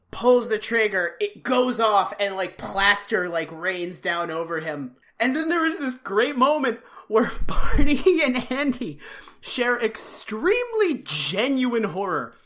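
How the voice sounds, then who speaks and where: A woman co-hosting a podcast, recapping an old TV episode in a loose, animated way, full of "like" and acted-out lines. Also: a little high, unhurried. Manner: animated storytelling, heavy use of "like", acts out quotes. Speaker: podcast co-host. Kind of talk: casual comedic recap.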